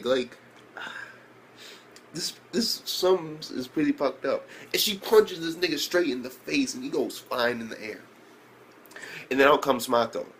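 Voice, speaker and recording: A man recapping an anime episode in a casual, profane, rambling way, breaking into shrill disbelieving outbursts. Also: measured pace, a bit bright, slight background noise. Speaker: anime reviewer.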